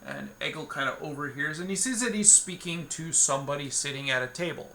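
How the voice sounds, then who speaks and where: A man's voice: fairly high pitch, brisk, bright, forceful tone, a little hiss or hum. A man narrating a solo tabletop game, meandering with many fillers and restarts as he thinks aloud.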